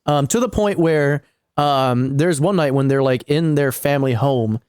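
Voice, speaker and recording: A man's voice: medium pitch, normal speed, darkish tone, clear, resonant tone, dry recording, studio quality. A man co-hosting a podcast, casually recapping an internet mystery in a rambling way with frequent swearing and fillers. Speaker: podcast co-host.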